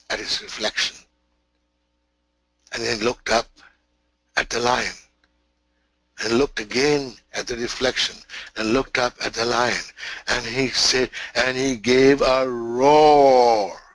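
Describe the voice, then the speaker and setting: Slow, bright-voiced male spiritual teacher. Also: mid-range voice, steady tone, husky, dry recording, rough recording. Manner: emphatic, repetitive, many restarts. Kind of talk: webinar teaching with storytelling.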